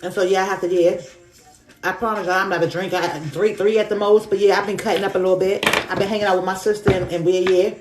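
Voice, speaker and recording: Reading tarot live on her phone, a woman is chatty and slangy, repeating herself and offering affirmation. She talks quickly in a steady, medium-pitched, darkish voice, with reverberation and faint music behind her.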